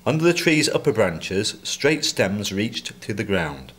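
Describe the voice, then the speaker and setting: A man reading a children's storybook aloud with expressive delivery. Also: fairly low pitch, measured pace. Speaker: reader. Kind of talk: storybook narration.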